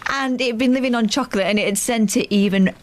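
A woman's voice: fairly high pitch, fast. A woman co-hosting a radio show, chatting casually and teasing the host.

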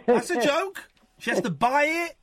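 A male radio host banters with callers and fires off quick, teasing jabs. His voice sits high and swings widely in pitch. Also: animated, over a noisy crowd. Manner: teasing, quick mock insults.

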